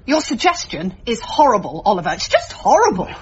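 A scornful news editor with a cutting tongue. Her high, breathy voice swings widely in pitch, and the radio recording sounds dull. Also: huge pitch swings, brisk, heavily acted. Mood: angry. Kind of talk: radio sitcom acting.

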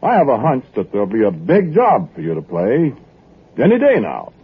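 A man voicing a weary, patient elderly boss who speaks in a slow fatherly drawl. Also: medium pitch, wildly swooping pitch, husky, heavily acted. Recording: tinny lo-fi old record with music behind.

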